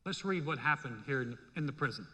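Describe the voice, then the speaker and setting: A male pastor preaching a sermon in a church, in a lively, conversational way. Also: mid-range voice, fairly quick, breathy edge. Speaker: senior pastor. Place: church sanctuary. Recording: long reverb in a hall.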